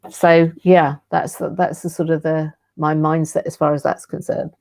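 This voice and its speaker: A woman's voice: deep voice, flat delivery, normal speed, creaky, a little mellow. A woman, a guest in a casual interview on a video call, talking reflectively with small restarts. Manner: reflective, hesitant, with restarts and fillers.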